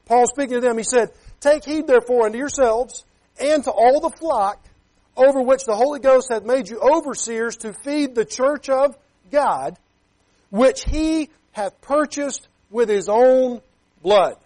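A man's voice: very high voice, measured pace, darkish tone. A man preaching a sermon as a pastor. He talks emphatically, keeps checking with "Okay?", and reads scripture in King James wording.

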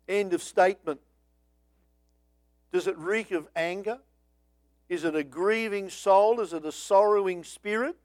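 A man's voice: sits high, moderate pace, a little mellow, dry recording. A man preaching a sermon, telling a story with dramatic rises and acting out voices. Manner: dramatic, acts out voices of biblical figures.

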